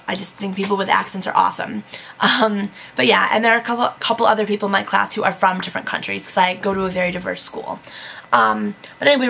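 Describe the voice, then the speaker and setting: A woman's voice: medium pitch, creaky, bright, forceful tone, a little hiss or hum. A young American woman in her twenties, chatting casually in a vlog, full of fillers and "like", getting worked up as she vents. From United States. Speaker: vlogger.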